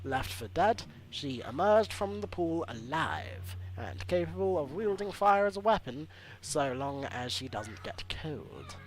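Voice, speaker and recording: A man's voice: a little high, big pitch swings, measured pace, low-quality recording. A man hosting a let's play, reading hero bios aloud and joking between them in a chatty way. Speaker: gaming channel host.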